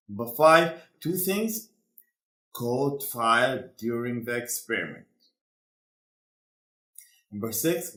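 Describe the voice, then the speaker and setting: A male teacher speaks slowly and deliberately as he quizzes his class with true-or-false questions. His voice is bright and forward. The room gives it a noticeable echo. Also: medium pitch. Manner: slow, deliberate, quizzing students. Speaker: English teacher. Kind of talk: classroom lesson.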